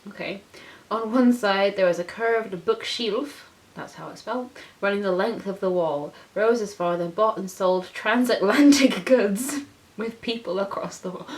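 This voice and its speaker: A young woman reading her own childhood story aloud, breaking off with laughing, self-mocking asides. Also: medium pitch. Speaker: channel host reading her childhood writing.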